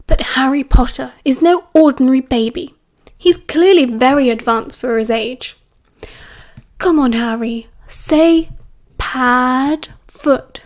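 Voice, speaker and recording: A woman's voice: sits high, normal speed, darkish tone, lightly acted. Woman voicing a cheeky young man, British accent, playful, coaxing, audiobook reading. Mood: playful teasing.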